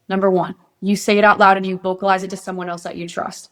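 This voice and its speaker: A woman's voice: mid-range voice, flat delivery, fast talker, hardly any pauses, fairly bright tone. Earnest, motivational young woman guest. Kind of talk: casual interview.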